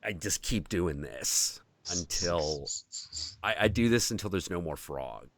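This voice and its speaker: Lowish guy voice, swings up and down a lot, dry close sound, swearing, hosting a podcast. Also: a little slow, no room sound. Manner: animated storytelling, swears freely. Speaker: podcast host. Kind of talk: casual chat.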